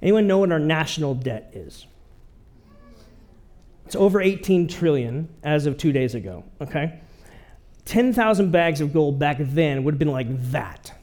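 A man's voice: a little high, lively intonation, unhurried, long pauses, darkish tone. A man preaching a sermon in a conversational way, often checking in with his listeners. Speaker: pastor.

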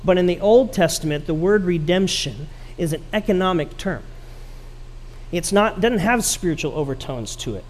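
Male pastor, higher-pitched voice, storytelling sermon, asks the congregation questions. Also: lively intonation, moderate pace. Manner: dry sarcasm.

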